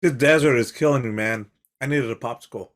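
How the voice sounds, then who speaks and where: A man playing in a tabletop game who talks quickly and upbeat. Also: medium pitch. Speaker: player. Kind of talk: casual tabletop play.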